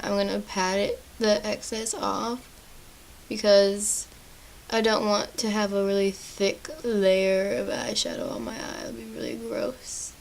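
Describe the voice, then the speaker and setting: A woman's voice: medium pitch, a little hiss or hum, low-quality recording. A young woman chatting casually through a makeup tutorial at home, apologetic and self-deprecating. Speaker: beauty vlogger.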